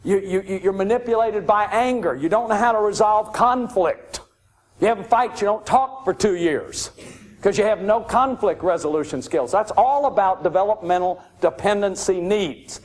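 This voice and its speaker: A man's voice: sits high, normal speed. A man giving an emphatic, repetitive lecture to an audience about emotional abuse and grief. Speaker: lecturer on addiction and recovery.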